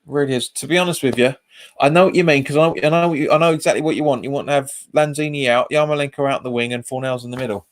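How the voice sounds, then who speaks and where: A man's voice: mid-range voice, fairly even intonation, rapid-fire. Chatty man hosting a live match stream. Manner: chatty, reacts to live chat comments and the match; casual, says "mate" often. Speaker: host of a football fan channel. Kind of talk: live match watch-along chat. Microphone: webcam.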